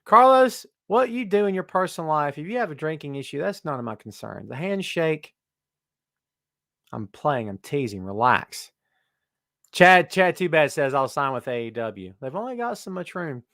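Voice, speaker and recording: A man with a high, light voice hosts a live talk stream, joking and ribbing the viewers as he greets them one by one. The sound is close and dry, with no room echo on his webcam mic. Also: big pitch swings, moderate pace, vocal fry, fairly bright tone. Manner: jokey, teasing, greets viewers by name. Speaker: host of a live wrestling talk show. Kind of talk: casual live-stream chat.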